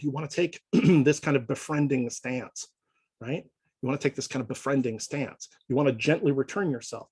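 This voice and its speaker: Male lecturer, husky, dry close sound; easygoing classroom talk, keeps asking "right?". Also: medium pitch, dry recording, low-quality recording. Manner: conversational, checks in with frequent "right?". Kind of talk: informal lecture.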